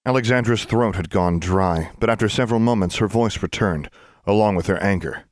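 Man, audiobook narrator, measured storytelling, lowish voice, dry close recording. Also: no room sound.

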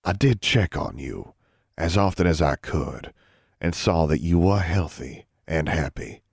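A man voicing a soft-spoken, feared middle-aged wizard father who talks in a calm, measured, gentle way. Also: very deep voice, vocal fry, slightly rough, no room sound, studio quality, full character voice.

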